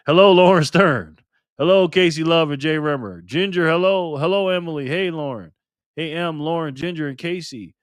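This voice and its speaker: A man's voice: on the high side, moderate pace, clear, resonant tone, no echo. A man hosting a casual livestream, cheerfully greeting viewers by name one after another. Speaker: livestream host.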